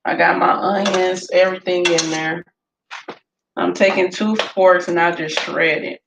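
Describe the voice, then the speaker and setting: A woman, chatting in a casual cooking vlog and telling lively stories while she cooks in her home kitchen. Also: on the low side, measured pace, gravelly. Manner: storytelling, animated, laughs often. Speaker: home cook vlogger. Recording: echoey room with faint noise.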